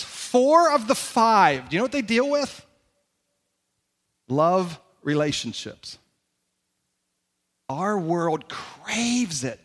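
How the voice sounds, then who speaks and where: A man preaching a sermon as pastor, in an animated, conversational way and asking the congregation questions. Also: high-pitched. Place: church sanctuary.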